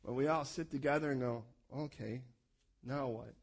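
A man preaching a passionate sermon as a pastor, swinging from loud urgent calls to quiet, soft prayer. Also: medium pitch, normal speed, vocal fry.

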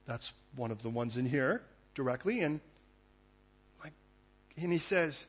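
A man preaching a sermon, swinging from loud, urgent exhortation to hushed, intense asides. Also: mid-range voice, animated, moderate pace, long pauses, highs cut off. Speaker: pastor.

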